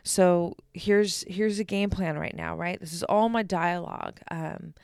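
A woman's voice: on the low side, unhurried, gravelly, hardly any pauses, darkish tone, clear, resonant tone, no room sound, clean studio sound. A young adult woman hosting a solo podcast, talking candidly and energetically, swearing freely and speaking straight to her listeners. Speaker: podcast host. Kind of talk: casual solo podcast monologue.

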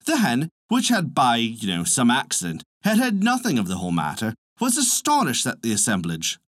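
A man narrating a folk tale as a storyteller, expressive and animated. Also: fairly low pitch, moderate pace, no echo, studio quality.

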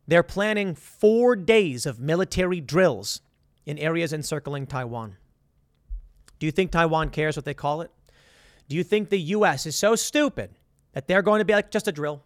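High-voiced sarcastic male commentator. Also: animated, normal speed, no echo, clean studio sound. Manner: sarcastic, blunt and argumentative. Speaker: political commentator. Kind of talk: opinionated commentary monologue.

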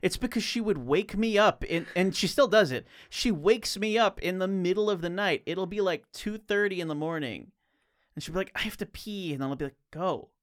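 Wry man with a slightly high voice. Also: a little fast, a bit bright. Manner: wry storyteller, quoting people in his stories. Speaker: podcast co-host. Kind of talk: casual podcast chat.

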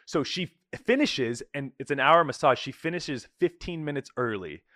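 A man hosting a podcast, telling a story in casual chat, animated and swearing freely, acting out the people he quotes. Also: on the high side, moderate pace, no room sound, clean studio sound. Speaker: podcast host.

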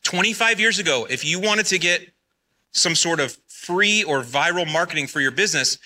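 A man in his forties giving an energetic conference talk, often firing questions at the audience. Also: fairly high pitch, normal speed. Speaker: conference speaker.

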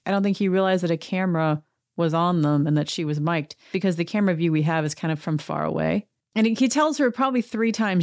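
A woman's voice: fairly low pitch, a little mellow, dry recording, studio quality. A middle-aged woman hosting a recap show, chatty and sarcastic, acting out quotes in bigger voices. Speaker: podcast host recapping a reality show. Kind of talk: casual recap monologue.

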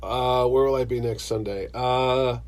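A middle-aged man co-hosting a podcast, telling stories with animated energy in casual chat. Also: medium pitch, a little slow, a crowd in the background. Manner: animated storyteller. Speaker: podcast co-host.

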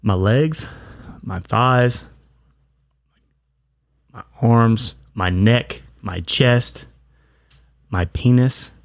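A man's voice: mid-range voice, no echo, studio quality. A man co-hosting a podcast, telling a crude story in a blunt, casual way. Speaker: podcast co-host. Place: bar.

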